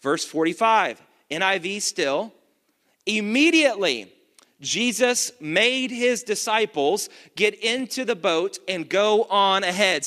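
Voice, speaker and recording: A male pastor giving an energetic sermon, reading scripture and calling out to the congregation. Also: high-pitched, takes it slowly. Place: church. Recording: long church reverb.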